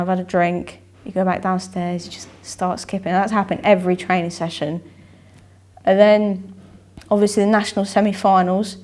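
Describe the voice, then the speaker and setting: A young woman, a boxer telling her story in an interview, rambling, repeating herself and acting out what she and others said. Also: mid-range voice. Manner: rambling, repeats herself, acts out her own inner voice and dialogue. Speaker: amateur boxer, interview guest.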